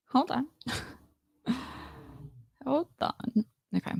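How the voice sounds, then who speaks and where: Giggly woman streamer, slow and gravelly. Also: medium pitch, animated, darkish tone, no echo, clean studio sound. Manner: giggly, self-interrupting, playful. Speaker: livestream host. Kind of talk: casual livestream chat, trying British accents.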